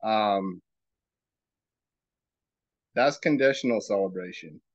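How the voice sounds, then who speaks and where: Man, podcast host, spiritual musing, unhurried delivery, rhetorical questions, dry lo-fi sound. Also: fairly low pitch, no room sound. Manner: slow, musing, asks himself rhetorical questions. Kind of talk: reflective spiritual talk.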